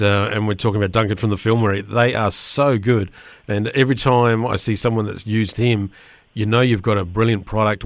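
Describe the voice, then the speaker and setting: A man interviewing a guest, halting and repeating words as he talks. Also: lowish voice, no echo. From Australia. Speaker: radio interviewer.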